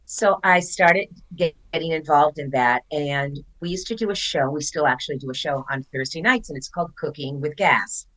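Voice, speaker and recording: Older actress guest, lowish bright voice, chatty storyteller who acts out quotes. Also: female voice, moderate pace, hardly any pauses, rough recording. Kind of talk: casual interview chat.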